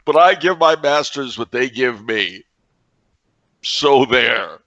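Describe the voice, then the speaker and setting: Guy doing a high giggly unhinged creep, lots of swoops, dry flat audio. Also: slow pace, no room sound, dull audio, full character voice. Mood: sly scheming. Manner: manic giggling, high and breathy. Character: giggling unhinged man, gleefully sinister.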